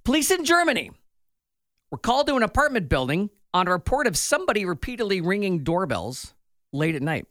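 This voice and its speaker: Animated man co-hosting morning radio. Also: high voice, brisk, no room sound, clean studio sound. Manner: playful, animated delivery. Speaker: radio morning show co-host. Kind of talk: casual radio banter and news reading. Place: radio studio.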